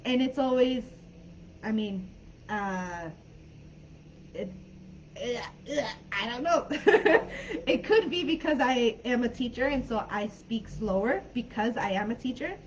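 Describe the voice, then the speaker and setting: A woman teaching English in a live online class, friendly and chatty, laughing often and filling pauses while she thinks. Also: on the high side, animated, a little hiss or hum. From California. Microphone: video call. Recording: dull lo-fi video call audio.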